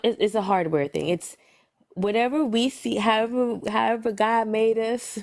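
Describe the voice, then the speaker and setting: A woman in casual conversation who thinks aloud, trails off and restarts, and chuckles often. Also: on the low side. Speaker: panelist in a live discussion. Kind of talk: casual reflective chat.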